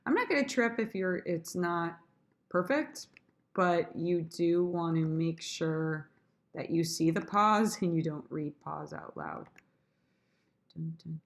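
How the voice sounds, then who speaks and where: Woman drama teacher walking students through her rehearsal prep; lowish voice, slow and easygoing. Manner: talks through her own sonnet rehearsal, trying lines aloud; chatty, addresses students directly. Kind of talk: screen-recorded lesson.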